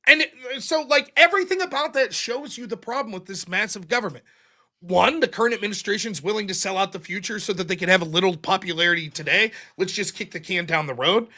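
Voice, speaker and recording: A man's voice: sits high, fast talker, sharp tone. A man in his forties hosting a call-in show, talking bluntly and profanely, acting out quotes as he argues. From United States. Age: 40s. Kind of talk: casual political monologue.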